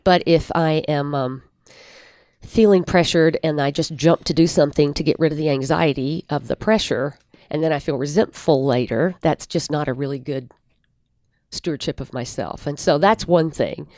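A woman's voice: deep voice, darkish tone, no room sound. Thoughtful woman counselor, dry sound. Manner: thoughtful, many pauses and fillers. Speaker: guest counselor. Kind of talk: reflective advice in a podcast interview.

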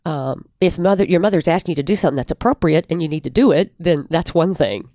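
Woman guest counselor, reflective, halting, close dry mic. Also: low voice, mellow, no room sound. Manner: thoughtful, many pauses and fillers. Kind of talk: reflective advice in a podcast interview.

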